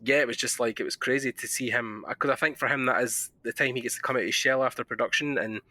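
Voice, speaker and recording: A man with a Scottish accent hosting a podcast interview, chatting casually and telling animated stories. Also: mid-range voice, quick pace, dry recording. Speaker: podcast host.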